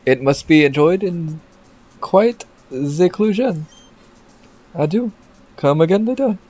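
A man's voice: on the high side, expressive, slow, a little mellow, pitched above the performer's own voice. A man voicing a boastful male French chef in a mock French accent, reading game dialogue aloud. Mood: haughty.

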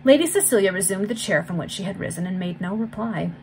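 A woman reading a Victorian novel aloud in a steady, clear, measured voice. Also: medium pitch, slight background noise, rough recording. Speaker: volunteer reader.

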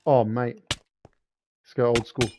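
A man giving live gameplay commentary, talking to himself and the game in a jumpy, excitable way. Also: medium pitch, slow, noisy background. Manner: jumpy, talks to himself and his pets in-game. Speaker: gamer.

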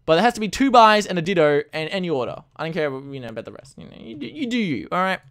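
Excitable man with a lively voice. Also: a little high, fast talker, smooth. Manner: excitable, swings between mumbling and loud outbursts. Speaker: gaming YouTuber. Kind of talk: casual Let's Play commentary.

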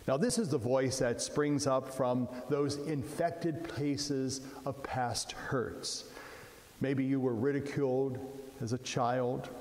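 A man gives a sermon at a measured, unhurried pace in a mid-range voice. His words ring out in a roomy church with a long reverb trailing each line. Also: medium pitch. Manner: slow, measured preaching with soft dropping phrase ends. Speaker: priest.

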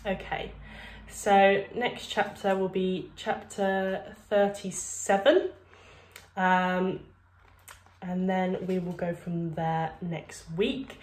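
A woman teacher reading a children's storybook aloud in a clear, measured way. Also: on the low side, level tone, a little mellow, echoey room.

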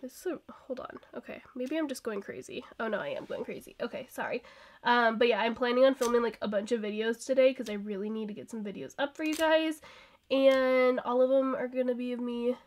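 Young woman vlogger, fairly high voice, sick with a cold, rambling and laughing casually. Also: a little fast, slight background noise. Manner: chatty and rambling, laughs often. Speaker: planner vlogger. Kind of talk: casual plan-with-me chat.

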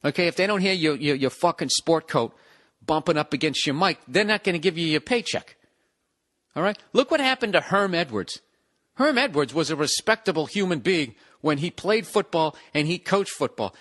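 A man rambles through a solo podcast, sarcastic and full of swearing. His voice sits a little high for a man, and he keeps slipping into mocking impressions of other people. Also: brisk. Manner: profane, sarcastic, animated ranting with mocking impressions. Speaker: podcast host.

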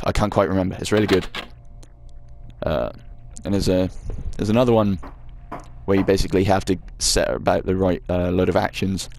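A man's voice: low-pitched, vocal fry, slight background noise. A man chatting self-mockingly as he plays through a game, swearing now and then. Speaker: let's play gamer. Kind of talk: casual gameplay commentary.

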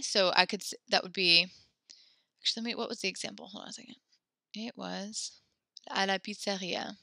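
A woman teaching a French class, giving brisk instructions that mix English and French and often correct herself mid-sentence. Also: medium pitch, steady tone, gravelly, pushed and bright, no echo.

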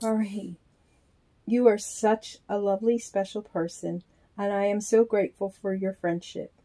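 A woman casually talking through opening a package in a chatty, halting way, counting things aloud. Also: medium pitch, steady tone, dark tone. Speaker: reborn doll vlogger. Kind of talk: casual unboxing vlog.

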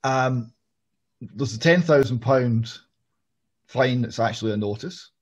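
A man from Scotland, hosting an interview and speaking in a measured, analytical way. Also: medium pitch, slightly rough. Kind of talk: political interview. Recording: muffled lo-fi audio.

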